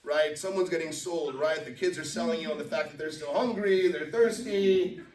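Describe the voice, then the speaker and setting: A company CEO from Los Angeles gives a live business presentation to a business network in an echoey meeting room, far from the microphone. His voice is fairly high and darkish at normal speed, and he speaks conversationally, often checking in with "right?".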